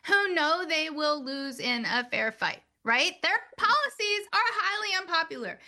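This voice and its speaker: A woman hosting a political talk, indignant and forceful, repeating points for emphasis. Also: very high voice, animated, a little slow.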